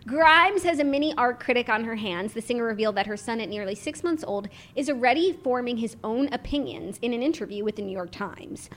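A woman's voice: on the high side, expressive, fairly quick, few pauses, fairly bright tone, slight background noise. A woman co-hosting a podcast in casual, playful chat, full of fillers. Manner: chatty, playful, many fillers. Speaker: podcast co-host.

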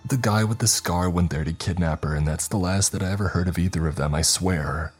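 A man's voice: low-pitched, brisk, slightly rough, faint music behind. A man voicing a middle-aged male school principal who blusters, then pleads defensively. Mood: pleading.

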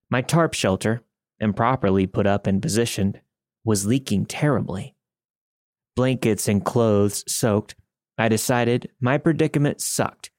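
A man's voice: mid-range voice, darkish tone, no echo, clean studio sound. A man narrating a first-person story in a wry, conversational way.

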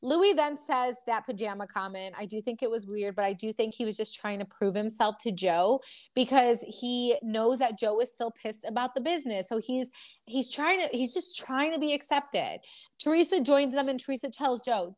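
A woman's voice: sits high, normal speed. A woman co-hosting a podcast, recapping a reality TV episode in casual chat and acting out quotes with drama. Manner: animated, acts out quotes in dramatic voices. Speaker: podcast co-host.

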